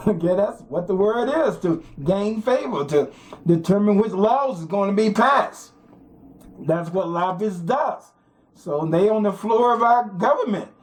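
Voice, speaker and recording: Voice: medium pitch, expressive, unhurried. A host delivering an opinion monologue in a rhetorical, repetitive way, often urging listeners to think about it. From United States. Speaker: commentary show host.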